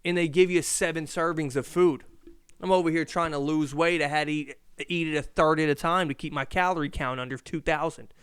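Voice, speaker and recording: A man hosting a casual solo podcast, telling a story in an animated, profane way. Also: fairly high pitch, a little fast, clear, resonant tone, no echo, studio quality. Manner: animated, profane, shouts in reenactments. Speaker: podcast host. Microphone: podcast mic.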